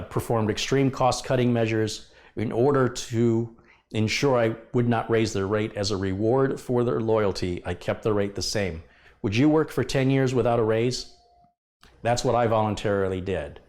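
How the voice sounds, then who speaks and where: Middle-aged guy venting about a client, acts out the back-and-forth, medium pitch. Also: darkish tone. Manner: frustrated, venting, acts out past exchanges. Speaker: PC repair business owner. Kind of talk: candid monologue to camera.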